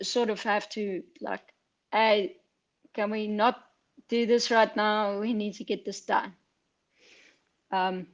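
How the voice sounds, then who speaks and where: A woman talks slowly in a fairly high voice, with plenty of fillers and asides. She sounds candid and chatty as a film editor answering questions. Her voice comes through a video call. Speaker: film editor, guest speaker. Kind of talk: online Q&A talk.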